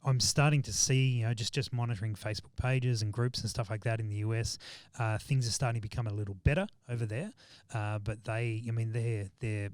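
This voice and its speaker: A man's voice: lowish voice, fairly even intonation, a little fast, hardly any pauses, darkish tone, clean tone, dry recording. A man, chatting casually as a guest on a podcast and rambling with frequent restarts. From Australia. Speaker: shooting business owner, guest.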